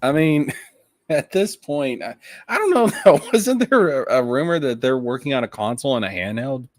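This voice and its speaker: A man hosting a casual gaming chat, excitable, laughing and swearing often. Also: mid-range voice, moderate pace, no echo, studio quality. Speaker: host.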